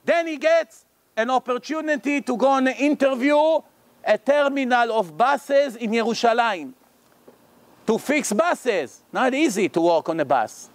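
A man's voice: very high-pitched, lively intonation, unhurried. A man giving a religious lecture, telling a story and acting out its characters' lines. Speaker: rabbi. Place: lecture hall.

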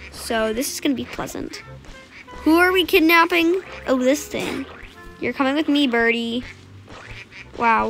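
Excitable high-voiced woman playing a game. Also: gravelly. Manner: excitable, playful, gasping and squealing. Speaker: gamer. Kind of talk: casual gameplay commentary.

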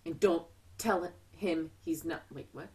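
A woman's voice: lowish voice, unhurried, a little mellow, natural voice. A woman voicing a boozy, dramatic woman on the edge, read over a video call. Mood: theatrical. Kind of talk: Zoom play reading.

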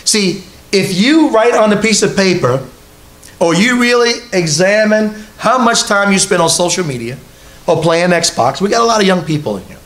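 Guy preaching in church, pretty high voice, chatty, keeps asking the crowd questions. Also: lively intonation, normal speed, a bit bright. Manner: conversational preaching with repeated rhetorical questions to the congregation. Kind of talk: sermon. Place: church hall with a congregation.

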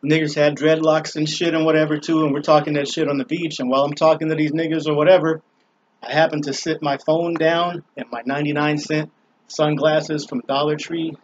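High-ish and flat, this man's voice runs fairly quick over lo-fi audio with slight background noise. Filming on a small balcony, he rambles through a casual story, swearing and using lots of fillers.

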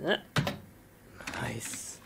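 A woman performing a comic skit who talks to herself in simple, broken English and swings from quiet muttering to wild shouting. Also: drawn-out words. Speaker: comedy sketch performer. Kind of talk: comic skit with self-talk. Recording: noisy recording with clicks.

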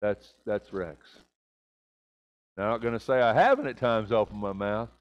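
In a church sanctuary, a man preaches a confessional sermon at normal speed, swinging from loud, high, emphatic bursts to quiet, low confessions. The recording has its highs cut off.

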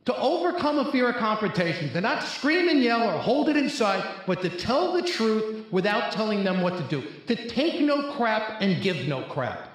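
A middle-aged man with a slightly higher voice tells a funny personal story to a crowd. He acts out each quoted line like a seasoned storyteller. His voice booms through a very echoey large hall. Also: very animated, normal speed, few pauses. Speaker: speaker at a recovery convention. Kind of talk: humorous personal testimony. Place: large convention hall, live audience.

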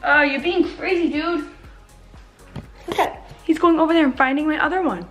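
A woman's voice: high-pitched, normal speed, fairly bright tone, dull audio, soft background music. A woman in her twenties vlogging casually from home, talking playfully to her puppy and her viewers. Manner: playful, talks baby-talk to her puppy. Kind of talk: casual vlog chat.

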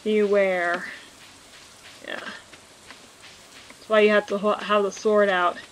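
Slow, chatty woman gaming host. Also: mid-range voice, level tone, a little hiss or hum, rough recording. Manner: chatty, joking asides to viewers; reads game dialogue aloud. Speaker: let's play host. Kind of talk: casual gameplay commentary.

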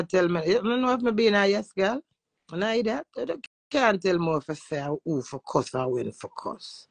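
With lively intonation and a moderate pace, a medium-pitched Jamaican woman brashly unloads on her critics in an Instagram live rant from her phone. This social media personality is crude and defiant, and there's no echo.

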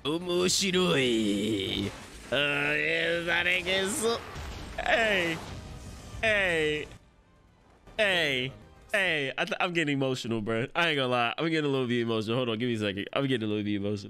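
A young man hosting an anime reaction video, talking in excitable, slangy, profane bursts, often laughing and yelling. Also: medium pitch. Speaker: anime reaction channel host.

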